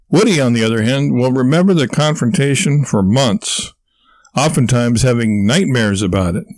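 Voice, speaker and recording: A man narrating a comic novel in an even, wry storytelling manner. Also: mid-range voice, no room sound. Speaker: audiobook narrator. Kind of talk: scripted narration.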